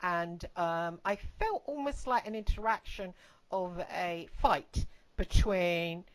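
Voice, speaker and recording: A woman's voice: on the low side, slow, poor audio. Blunt, swearing woman host telling a story. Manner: blunt, swears freely, rambling asides. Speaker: podcast host. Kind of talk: casual storytelling conversation.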